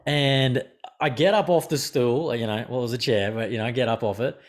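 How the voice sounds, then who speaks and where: Hombre australiano, charla rápida y malhablada. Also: male voice, mid-range voice, brisk. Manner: swearing, animated storytelling. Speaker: podcast host. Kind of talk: casual chat.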